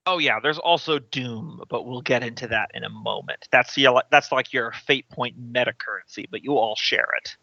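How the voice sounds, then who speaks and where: A man's voice: mid-range voice, big pitch swings, moderate pace, creaky, hardly any pauses, pushed and bright, dry recording, dull audio. A man running an online tabletop game as game master, patiently explaining the rules with frequent restarts.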